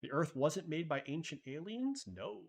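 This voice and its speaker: A man's voice: on the high side, sing-song, normal speed, gravelly. A man hosting a live stream, chatting loosely and thinking aloud while answering viewer messages, with casual swearing. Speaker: livestream host.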